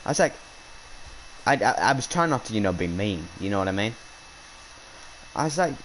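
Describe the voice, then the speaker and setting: A man's voice: lowish voice, expressive, moderate pace, long pauses, fairly bright tone, a little hiss or hum, rough recording. A young man outdoors on a hunt, casually telling an indignant, rambling story with lots of restarts. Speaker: hunting vlogger. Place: outdoors while hunting.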